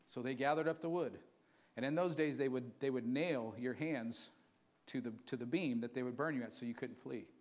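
A man preaching a sermon to his church, moving from quiet storytelling to fervent, emphatic preaching. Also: mid-range voice, normal speed. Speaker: pastor.

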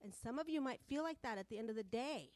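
A woman's voice: a little high, animated, fast, darkish tone, no room sound. A woman preaching a sermon to a women's group, passionate and repetitive, building in volume as she presses her points.

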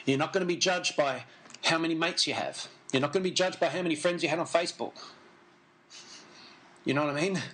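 A male preacher with a high, bright voice delivers a sermon. He talks earnestly and emphatically, repeats his key points and breaks off into casual asides to the people listening. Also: brisk, pauses often, poor audio. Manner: conversational asides to the congregation.

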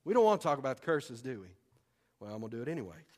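A man preaching a sermon in a folksy, excitable way, breaking into sudden loud bursts. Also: mid-range voice, rapid-fire. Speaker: pastor. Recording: long hall reverb.

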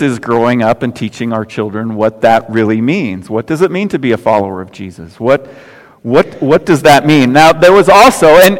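Older pastor preaching in a reverberant hall. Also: male voice, mid-range voice. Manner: folksy storytelling with jokes and asides. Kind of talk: sermon. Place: church sanctuary.

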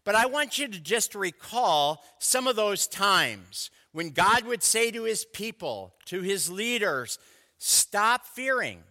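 A man's voice: high voice, very animated, slow pace, hardly any pauses, sharp tone, in a large hall. An older man, a pastor of over thirty years, preaching a sermon in a conversational, storytelling way with asides to the congregation.

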